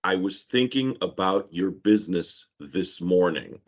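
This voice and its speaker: A man's voice: deep voice, expressive, unhurried. A man on a sales team video call, speaking candidly and with enthusiasm. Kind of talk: casual group video call.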